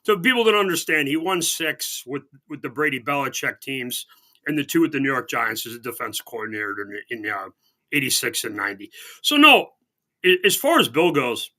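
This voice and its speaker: Sports radio guy rambling about football, bright sharp voice, sarcastic asides. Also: a little high. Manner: rambling, sarcastic, many restarts. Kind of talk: casual sports radio chat. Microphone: remote call-in line.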